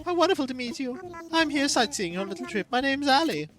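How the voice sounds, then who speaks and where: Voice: high voice, expressive, fast, crowd noise, pitched above the performer's own voice. A streamer voicing a cheerful animal tourist villager in a friendly, chatty manner while reading game dialogue aloud.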